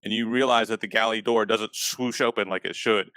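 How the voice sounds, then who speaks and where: A man narrating as game master of a tabletop game, in a relaxed, loose way with fillers. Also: on the low side, brisk, dry recording.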